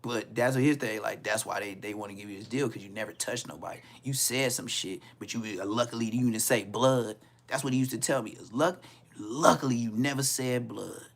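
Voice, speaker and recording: A man's voice: lowish voice, brisk, gravelly. Laid-back man telling a story. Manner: laid-back, heavy slang, acts out quotes. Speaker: podcast host. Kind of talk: casual storytelling.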